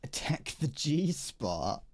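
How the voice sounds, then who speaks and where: A man's voice: fairly high pitch, big pitch swings, drawn-out words, no room sound. A British man streaming a video game, chatting casually and rambling with jokes. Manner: joking and rambling. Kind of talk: casual live-stream chat.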